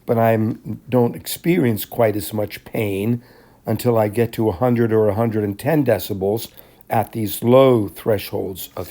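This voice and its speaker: Mellow-voiced man lecturing a class. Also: on the low side. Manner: measured, explanatory, often clears throat. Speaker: teacher. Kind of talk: classroom lecture explaining handouts.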